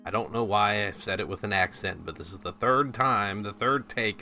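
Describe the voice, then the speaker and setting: Bright-voiced, low-pitched rambling male host. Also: moderate pace, few pauses, faint music behind. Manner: rambling, swears freely, self-deprecating. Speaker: reaction video host. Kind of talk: casual commentary to camera.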